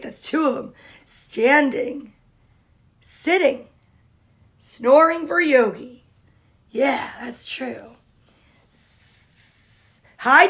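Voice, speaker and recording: A woman hosting a casual livestream, greeting viewers by name and chatting in a cheerful, drawn-out way. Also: high voice, fairly bright tone. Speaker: livestream host.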